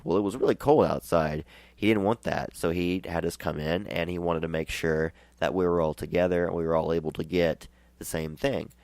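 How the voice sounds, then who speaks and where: Man with a deep voice, show host, excited rambling storytelling, dry close sound. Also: no echo. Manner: excited, rambling, laughs often, restarts. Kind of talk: casual storytelling.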